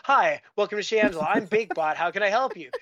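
A man's voice: high-pitched, expressive, fast, pushed and bright, highs cut off. A man imitating a cheery, glitchy bakery chatbot, reading its scripted greeting in a chirpy tone.

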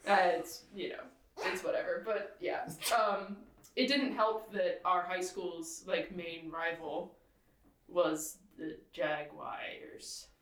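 A woman's voice: on the low side, steady tone, a little slow, fairly bright tone. Chatty woman laughing through a roomy podcast. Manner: chatty, laughs often, rambling. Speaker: podcast co-host. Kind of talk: casual chat. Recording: echoey room from far off with faint noise.

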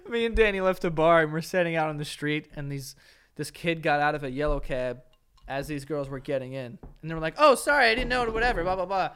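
A man's voice: on the high side, a little fast, fairly bright tone, smooth. A young man co-hosting a casual podcast chat, telling stories animatedly and mimicking other people's voices. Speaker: podcast co-host.

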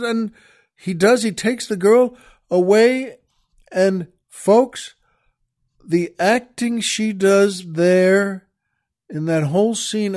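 A man hosting a radio talk show, retelling a film scene in a folksy, emphatic way and repeating himself as he gets carried away. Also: high voice.

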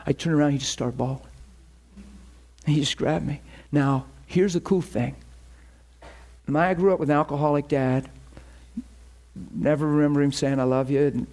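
Delivering a sermon at normal speed, a male pastor with a slightly high voice pauses often. He's animated as he recounts a personal story, with frequent laughter and voices for quoted people.

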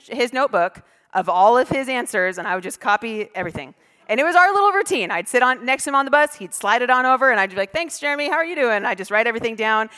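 A woman pastor telling a self-deprecating personal story in a sermon from the stage, animated and acting out her past self. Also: fairly high pitch. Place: church stage. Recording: long church hall reverb.

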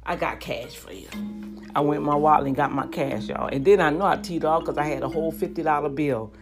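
A woman telling a story to her viewers in a lively, chatty way, talking straight to them. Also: low voice, fast talker, over music.

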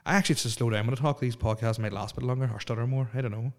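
A man's voice: medium pitch, fairly even intonation, very fast. Rambling man podcasting solo. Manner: rambling, stammering, frequent fillers and restarts. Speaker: podcast host. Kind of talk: casual solo podcast chat. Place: alone in a house.

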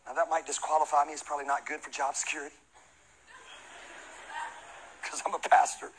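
A man who is a pastor, giving a humorous, conversational sermon and shouting out Bible readings. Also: fairly high pitch, level tone, a little fast, a little hiss or hum, rough recording.

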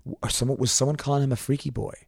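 Guy cohosting a podcast, animated storyteller, dry close mic, normal pitch. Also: rapid-fire, vocal fry, slightly rough, dry recording. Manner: animated retelling, jumps into high silly voices. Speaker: podcast co-host. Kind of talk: casual chat.

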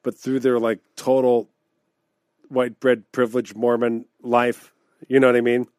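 A man co-hosting a podcast, telling a story in a casual, animated way, acting out the people he describes and laughing often. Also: mid-range voice, a little slow, no room sound, clean studio sound. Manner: laughs often while talking. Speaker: podcast co-host.

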